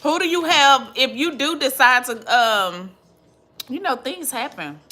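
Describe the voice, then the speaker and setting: A woman's voice: sits high, expressive, measured pace, pushed and bright. A young adult woman, hosting a casual livestream and chatting animatedly with viewers, calling them girl and baby. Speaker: livestream host.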